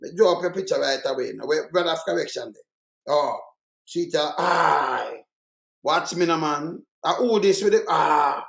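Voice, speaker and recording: A man's voice: a little high, expressive, fairly quick, vocal fry, roomy sound. A Jamaican man giving heated political commentary, fiery and mocking, repeating himself for emphasis.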